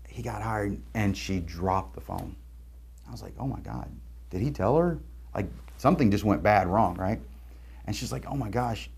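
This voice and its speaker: Earnest man with a gravelly low voice. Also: darkish tone. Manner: earnest, storytelling, repeats words. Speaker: recruiting firm owner. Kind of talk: promotional talk to camera.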